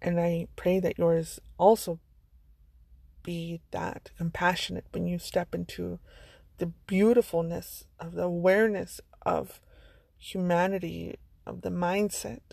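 A woman's voice: fairly low pitch, little pitch movement, unhurried, gravelly, a little mellow, dry recording. A woman vlogger giving a motivational monologue, earnest and blunt, with some swearing. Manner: earnest, blunt, sprinkled with profanity.

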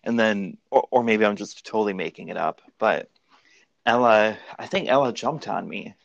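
A man's voice: fairly low pitch, moderate pace, creaky, highs cut off. A man hosting a podcast, chatting casually and rambling through shared memories. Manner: relaxed, rambling, recalls memories aloud. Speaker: podcast host. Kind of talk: casual chat.

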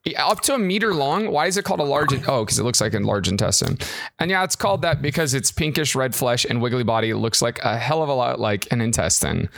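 A young man from Texas co-hosting a podcast, his gravelly voice recorded close and dry. His delivery is lively and wry, with a squeamish, teasing edge. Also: medium pitch, fast talker, dry recording. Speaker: podcast co-host. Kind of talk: casual banter.

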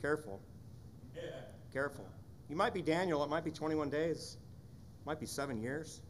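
A man's voice: on the high side, normal speed, slight background noise. A man serving as pastor, delivering a sermon in an earnest, conversational way with frequent rhetorical questions.

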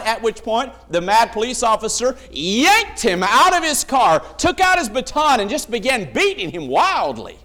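High-voiced, animated man preaching a sermon. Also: moderate pace, few pauses. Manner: emphatic, acts out quoted voices in stories.

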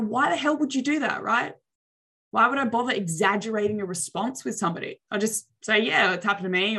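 A young adult woman coaching on social skills in a lively motivational talk, acting out reactions with exaggerated expressions. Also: medium pitch, husky.

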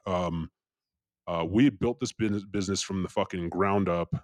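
Low-pitched and at normal speed with no echo, a young man from California tells a story casually as a guest on a podcast. He swears freely and animatedly imitates the people he quotes.

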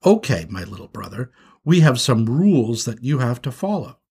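A man's voice: medium pitch, sing-song, moderate pace, darkish tone, breathy edge, exaggerated voice. A man voicing a young male skunk, a patient big brother who turns frantic when his little brother strays, in a storybook reading. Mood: gentle, instructive.

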